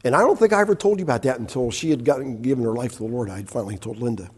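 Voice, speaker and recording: An older man shares his testimony before a church, voicing the dialogue himself and chuckling at his own expense. He speaks in a husky, mid-range voice at a racing pace.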